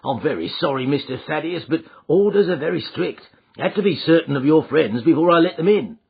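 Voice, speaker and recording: A man voicing a gruff, stubborn prizefighter turned porter in an audiobook, with rough rustic speech. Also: fairly high pitch, lively intonation, a little fast, pitched above the performer's own voice, heavily acted. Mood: apologetic. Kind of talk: audiobook character voice. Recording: thin phone-like audio.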